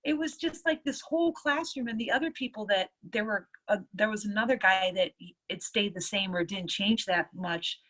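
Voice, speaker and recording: Animated woman nurse telling stories. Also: mid-range voice, moderate pace. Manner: lively storyteller, acts out others' lines. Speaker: nurse and EFT tapping practitioner. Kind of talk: casual storytelling interview.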